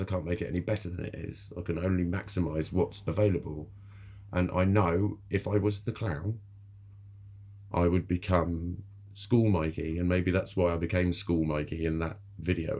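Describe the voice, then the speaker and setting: A man's voice: sits low, fairly even intonation, a little fast, darkish tone. A middle-aged man, talking candidly to camera in a rambling, sweary way, laughing often. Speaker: vlogger. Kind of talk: candid personal monologue.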